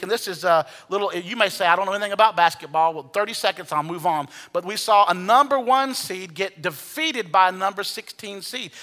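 A man preaching a sermon as pastor, swinging from hushed asides to loud, animated calls and leading the congregation to repeat phrases. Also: high voice. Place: church sanctuary. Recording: long reverb of a large hall.

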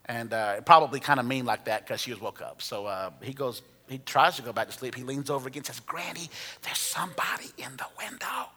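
Bright-voiced preacher in a hall. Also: male voice, medium pitch, fast, hardly any pauses. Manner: storytelling with humor, conversational. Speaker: pastor. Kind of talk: sermon.

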